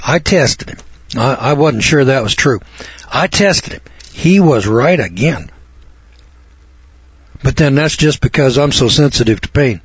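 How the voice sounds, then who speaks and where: Husky-voiced blunt American preacher. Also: male voice, mid-range voice, animated, a little slow, pauses often, no echo. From United States. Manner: blunt, folksy, repetitive. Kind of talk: sermon. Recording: dull lo-fi recording.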